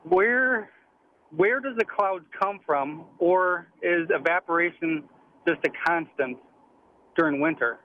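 A man's voice: on the high side, slow. A man calling in to a radio show with a hesitant, earnest question over a dull phone-in line. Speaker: caller.

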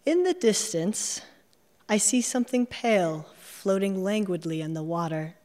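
A woman with an American Midwestern accent reading her personal essay aloud in a measured, reflective way. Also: mid-range voice, animated, dark tone, big-room sound. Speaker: memoir narrator.

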